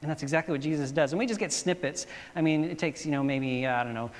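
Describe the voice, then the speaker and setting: A pastor preaches in an easygoing, storytelling way, full of fillers and little restarts. His man's voice sits a bit higher than usual. It rings with a long reverb, as in a large hall. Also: quick pace. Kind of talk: sermon.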